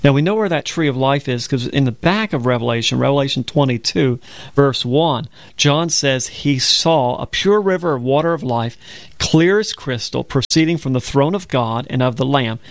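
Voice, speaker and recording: Bible show co-host, man with a gravelly voice, earnest, dry studio sound. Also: mid-range voice, lively intonation, normal speed, no echo. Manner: earnest storytelling, quotes scripture. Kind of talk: conversational religious broadcast.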